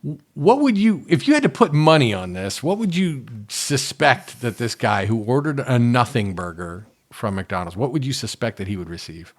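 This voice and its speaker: A man co-hosting a casual podcast, rambling and halting as he reads an article aloud to his co-host. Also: medium pitch, very animated. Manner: rambling, halting, with restarts and asides.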